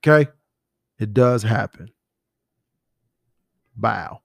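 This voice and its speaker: A man's voice: medium pitch, unhurried, creaky, darkish tone, dry recording, faint music behind. A man hosting a podcast, talking in a rambling, profane, conversational way. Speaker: podcast host. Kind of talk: casual solo commentary.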